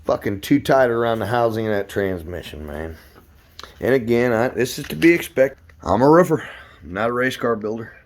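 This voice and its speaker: A man's voice: medium pitch, animated, normal speed. A man, a roofer and hobby car builder, rambling and cursing through a casual workshop vlog from his garage, filmed on a phone. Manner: rambling, profane, frustrated. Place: home garage.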